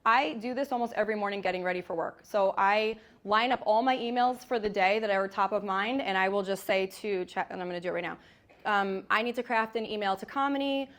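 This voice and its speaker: A woman giving a live presentation in a large room, energetic and chatty, demonstrating as she goes. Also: medium pitch, a little fast. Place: large room with hundreds of agents.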